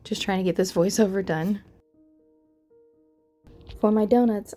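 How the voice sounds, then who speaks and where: A young adult woman narrating a craft card-making tutorial voice-over, calm and methodical, her voice crackly from the early morning. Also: mid-range voice, unhurried, faint music behind.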